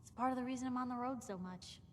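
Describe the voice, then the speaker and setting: A woman voicing a chatty, nosy young reporter who talks quickly and frankly. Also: a little high, lightly acted. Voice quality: chatty, quick, self-conscious. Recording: game audio with reverb and faint hiss.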